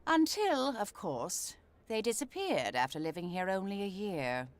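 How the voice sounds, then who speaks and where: A woman's voice: medium pitch, very animated, measured pace. An actress voicing a prim, proud female housekeeper in a video game, speaking formally and precisely. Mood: haughty. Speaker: game character.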